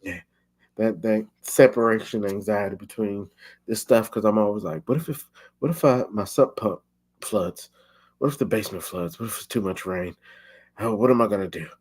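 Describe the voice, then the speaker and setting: A man's voice: lowish voice, a little mellow. A young man hosting a podcast, chatting casually and acting out his own thoughts as quotes. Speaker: podcast host. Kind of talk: casual chat.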